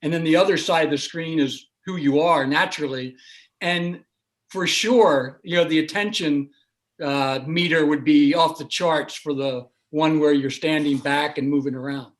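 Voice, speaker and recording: Male panelist, slightly high voice, thoughtful, filler-heavy, video call. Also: moderate pace. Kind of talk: casual panel chat.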